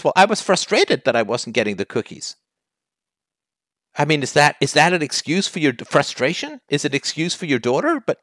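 A man's voice: a little high, a bit bright, no room sound, studio quality. A man hosting a call-in advice show, talking bluntly and challenging the caller with heat.

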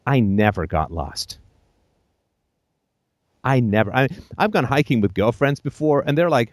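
Guy hosting a call-in show, swings his pitch all over, blunt and sweary, dry close sound. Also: lively intonation, normal speed, long pauses, no room sound. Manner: emphatic, blunt and profane, with jokey asides. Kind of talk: call-in advice talk.

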